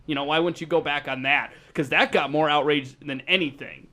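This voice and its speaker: A man co-hosting a podcast, chatting casually in a measured, thoughtful way. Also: a little high, pushed and bright. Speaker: podcast co-host. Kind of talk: casual chat.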